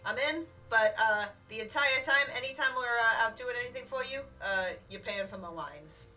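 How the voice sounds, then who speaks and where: A woman's voice: on the high side, normal speed, bright, forceful tone, distant mic. A woman playing in a tabletop role-playing game, laid-back and bargaining. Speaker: player.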